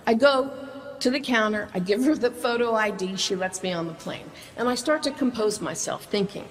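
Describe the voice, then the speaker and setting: Animated female storyteller, a touch high-pitched, long reverb. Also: moderate pace, slight background noise. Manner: excitable, animated, stumbling restarts. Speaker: singer-songwriter telling her story. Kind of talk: personal storytelling.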